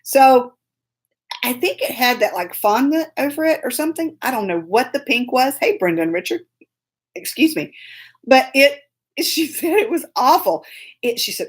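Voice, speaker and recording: A woman's voice: high voice, sing-song, normal speed, slightly rough. A woman hosting a live online show from a phone on a tripod. She rambles through a story in casual chat, laughing often and breaking off to greet viewers by name. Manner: laughs often while telling stories.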